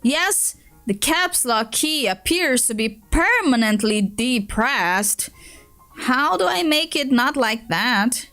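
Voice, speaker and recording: A woman's voice: high voice, lively intonation, takes it slowly, sharp tone, soft background music, full character voice. A woman reading as a crude, stubborn alien boy. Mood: demanding. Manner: brash and foul-mouthed. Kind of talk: reading a web comic aloud.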